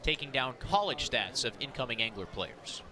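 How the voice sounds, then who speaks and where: A man calling live baseball play-by-play, rattling off pitches and counts, rising to shouts on big plays. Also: big pitch swings, normal speed, noisy background. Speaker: play-by-play announcer. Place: outdoor ballpark broadcast booth. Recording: outdoor ballpark crowd behind. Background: ballpark crowd.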